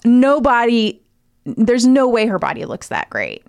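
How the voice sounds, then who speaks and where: A woman's voice: on the high side, huge pitch swings, a little slow, vocal fry, darkish tone, no echo. A woman co-hosting a podcast in casual chat, opinionated and acting out her own reactions. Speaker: podcast co-host.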